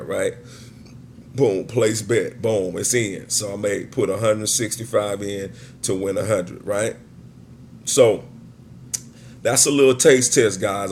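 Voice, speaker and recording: Male betting instructor, gravelly and fairly low, chatty walkthrough tone that keeps checking in. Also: a little hiss or hum. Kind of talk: casual screen-share walkthrough.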